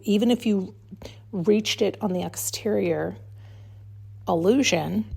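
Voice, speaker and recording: A woman's voice: on the low side, vocal fry, warm tone, husky. A woman hosting a podcast, giving a blunt, heated solo monologue during an intuitive reading and swearing freely. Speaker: podcast host.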